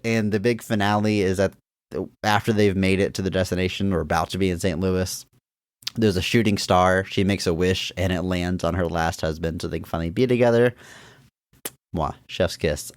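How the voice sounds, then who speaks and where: A man's voice: sits low, smooth, no room sound, clean studio sound. A man co-hosting a podcast, casually and animatedly retelling scenes from a comedy film and acting out the lines. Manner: animated retelling of scenes, acts out quotes with laughs. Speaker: podcast co-host. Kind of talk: casual movie-review chat.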